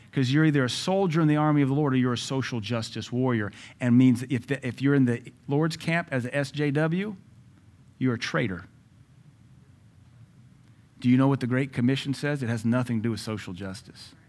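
With a mid-range voice, a man preaches in an emphatic, conversational style. He tosses jokes and asides to his listeners and breaks into sudden loud rises.

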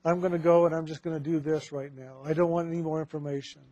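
A man's voice: on the high side, little pitch movement, quick pace, warm tone, lo-fi sound, natural voice. A man quoting an adult woman student who insists on ending the call, in his own voice. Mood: insistent.

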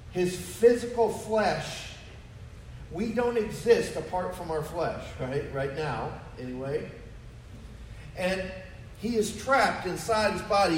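A man's voice: high-pitched, reverberant, recorded from a distance, slight background noise, poor audio. A man preaching a sermon to his congregation, emphatic and full of rhetorical questions. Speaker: pastor. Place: church sanctuary.

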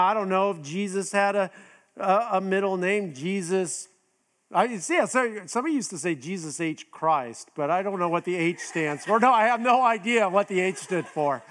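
Middle-aged male pastor, high voice, slow and chatty sermon delivery. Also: a bit bright. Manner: conversational, with many restarts and "you know"; acts out quoted voices with raised pitch.

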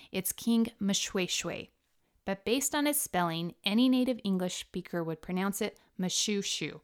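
Woman, middle-aged, from the US; podcast host reading her travel stories, explaining terms carefully. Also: mid-range voice. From United States. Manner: explanatory, spells out words and pronunciations. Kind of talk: scripted storytelling narration.

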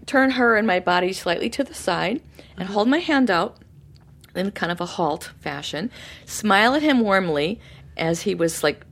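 A middle-aged woman co-hosting a podcast, telling a personal story in an animated, casual way. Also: mid-range voice. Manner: animated, acts out voices in her stories. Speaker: podcast co-host.

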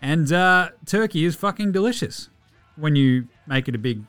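A man's voice: on the high side, lively intonation, normal speed, a bit bright, faint music behind. Sarcastic Australian man ranting about basketball. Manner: sarcastic, profane, mocking rants. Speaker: podcast host. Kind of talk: casual sports news commentary.

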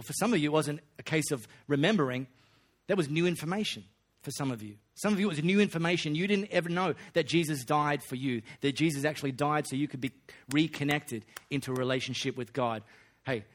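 Slangy man preaching. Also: a little high. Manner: folksy, joking, slangy delivery. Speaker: pastor. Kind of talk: sermon.

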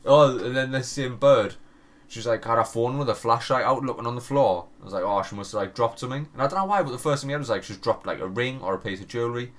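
A man's voice: mid-range voice, quick pace. A man in his thirties co-hosting a podcast, telling stories in casual chat with lots of swearing and laughter. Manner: animated storyteller, heavy swearing, frequent laughter. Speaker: podcast co-host.

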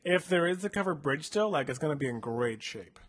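A husky-voiced man reads a choose-your-own-adventure book aloud in a relaxed, playful way. He peppers the story with filler words and chats with his co-host between passages. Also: a little high, brisk. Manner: laid-back, lots of "like" fillers, playful. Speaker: co-host reading a gamebook.

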